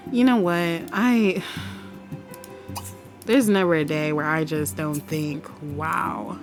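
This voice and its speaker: A woman hosting a casual life-sim let's play, chatting excitedly, laughing often and swearing now and then, on a desk USB microphone. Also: sits low, slow pace, long pauses, over music. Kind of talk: casual game commentary.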